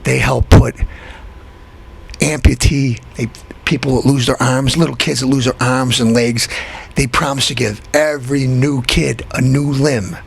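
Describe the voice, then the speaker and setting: A man hosting a show, delivering a comic rant that keeps repeating itself and jumps into high, excited outbursts. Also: a little slow, gravelly, slightly rough. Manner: ranting, repetitive, swings into high excited outbursts. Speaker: show host.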